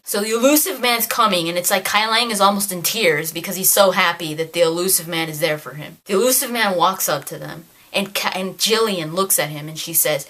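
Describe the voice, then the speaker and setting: A woman giving an animated, exasperated review of a novel in a casual rant, acting out characters' lines along the way. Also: on the low side, a little fast, few pauses. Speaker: video creator reviewing a novel. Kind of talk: casual ranting book review.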